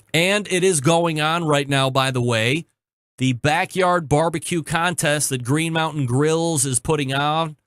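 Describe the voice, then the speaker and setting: A man hosting his own podcast, telling a story in a chatty, joking way with quick asides, then reading a sponsor spot. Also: on the high side, clean tone, no echo, clean studio sound. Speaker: podcast host. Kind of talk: casual chat and sponsor read.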